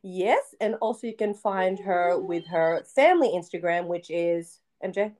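A woman's voice: on the low side, measured pace, a little mellow. A young woman hosting a casual podcast chat, giggly and chatty with lots of fillers. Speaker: podcast host.

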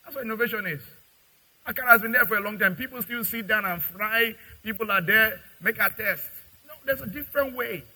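Husky preacher, bright voice. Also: male voice, high voice, fairly quick, poor audio. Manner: lively preaching, acting out family and customer voices. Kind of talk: sermon with acted dialogue.

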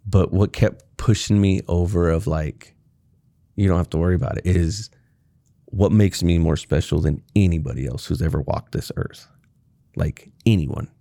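A man's voice: low voice, moderate pace, gravelly, dark tone, dry recording. A man talking in casual chat, rambling with lots of fillers. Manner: rambling, filler-heavy talk.

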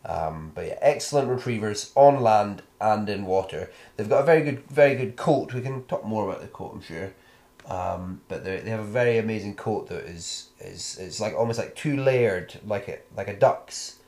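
A man's voice: lowish voice, expressive, moderate pace, a little mellow. A British man co-hosting a dog podcast, jokey and playful, rambling through his points in casual chat. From Britain. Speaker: podcast co-host. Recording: echoey room.

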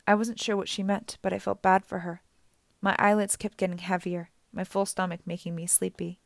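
A woman narrating a novel in the first person as an audiobook reader, with a steady storytelling delivery. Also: mid-range voice, a little fast, creaky, no room sound.

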